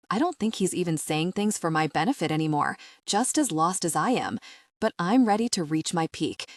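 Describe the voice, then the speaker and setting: A woman narrating a romance audiobook in the first person, soft, intimate and breathy. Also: fairly low pitch, big pitch swings, normal speed, no echo, clean studio sound.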